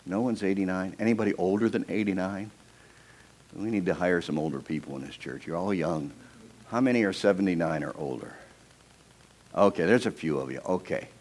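A male pastor preaching a sermon in an animated storytelling way, putting on the voices of figures he quotes and asking the congregation questions. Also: sits low, a little fast.

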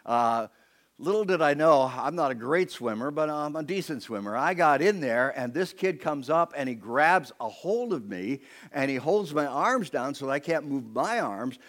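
A man's voice: fairly high pitch, animated, normal speed, fairly bright tone. A man preaching a sermon to his church as pastor, telling a personal story and putting on voices for the people in it.

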